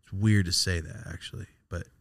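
Low-ish voiced guy hosting a podcast, swearing a lot, rambly and reflective, lots of ums and restarts. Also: steady tone, fairly quick, gravelly. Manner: loose, profane, reflective, with many fillers and restarts. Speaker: podcast host. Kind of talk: casual storytelling chat.

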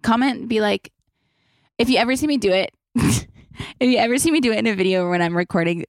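A woman's voice: medium pitch, quick pace, no room sound, clean studio sound. A young woman hosting a casual podcast Q&A, chatty and loose, swearing freely and saying "like" a lot. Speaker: podcast host. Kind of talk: casual Q&A chat.

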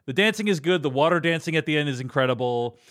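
A man hosts a casual film chat with a fairly high, very lively voice. He talks animatedly and often slips into quoted voices to act out scenes. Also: quick pace. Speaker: podcast host.

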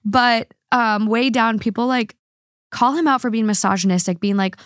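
A woman's voice: fairly high pitch, normal speed, dry recording, studio quality. A woman hosting a podcast, a little drunk, rambling through online comments with lots of fillers and slips. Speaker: podcast host. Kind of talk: casual chat reading online comments.

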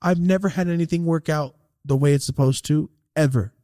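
A man's voice: on the high side, brisk, no room sound, clean studio sound. Profane, rambling man telling a story. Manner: profane, rambling, animated retelling with acted-out quotes. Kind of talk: casual storytelling.

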